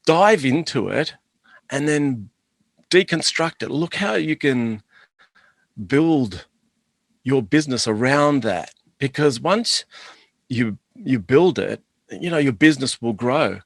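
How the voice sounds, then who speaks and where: A man's voice: mid-range voice, animated, takes it slowly, creaky, pauses often, no room sound. Enthusiastic man telling stories. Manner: enthusiastic, rambling anecdotes. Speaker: guest, chocolate business owner. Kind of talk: casual interview storytelling.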